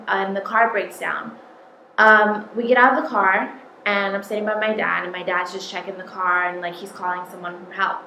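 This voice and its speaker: A woman's voice: medium pitch, pushed and bright. A young woman telling a personal story in a casual, rambling way, with many "um"s and "like"s. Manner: rambling, full of "um" and "like". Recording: echoey room with light noise.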